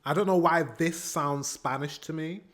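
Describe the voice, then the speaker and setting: A British man with a fairly high, slightly bright voice speaks at normal speed. He rambles chattily while reacting to music, laughing often between remarks, as faint pop music plays behind him.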